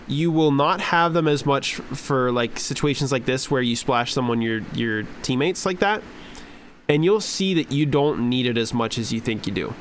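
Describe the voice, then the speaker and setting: Male streamer for a coaching review, slightly high voice, chatty and encouraging, repeats his pointers. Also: a little hiss or hum. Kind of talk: casual gameplay review coaching.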